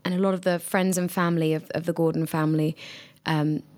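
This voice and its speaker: A woman's voice: low voice, flat delivery, fast talker, darkish tone. A young adult woman, a drama student, answering interview questions casually with many fillers and restarts.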